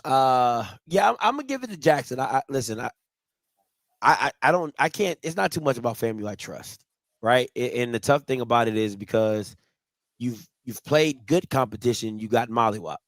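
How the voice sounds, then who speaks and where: A man's voice: mid-range voice, animated, normal speed, no echo. A man hosting a sports talk show, moving through segments and laughing easily. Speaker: host.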